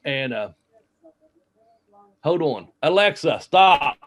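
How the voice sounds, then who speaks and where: A man's voice: a little high, very animated, takes it slowly, fairly bright tone. A man, a former wrestler, telling rambling road stories in a casual interview, full of fillers and laughter. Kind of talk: casual storytelling. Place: home, smart speaker nearby.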